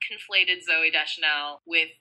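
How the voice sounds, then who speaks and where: A woman's voice: low-pitched, a little slow, pushed and bright, low-quality recording. A woman in casual chat, ranting emphatically and with self-awareness.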